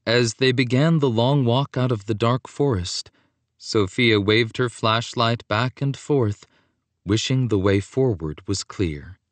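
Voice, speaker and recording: A man giving an expressive, scripted audiobook narration of a children's story. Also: medium pitch, measured pace, no room sound.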